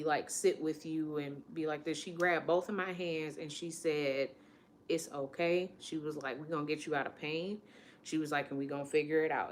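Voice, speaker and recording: Low-voiced woman in her late twenties. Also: a little hiss or hum. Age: late 20s. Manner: candid, emotional, quotes others in conversation. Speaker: vlogger. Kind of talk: personal storytelling vlog.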